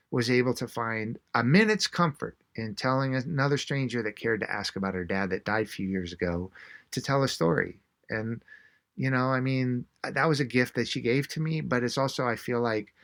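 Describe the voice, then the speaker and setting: A man, an author being interviewed, telling a story in an animated way and acting out the quotes. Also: mid-range voice. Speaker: author and guest.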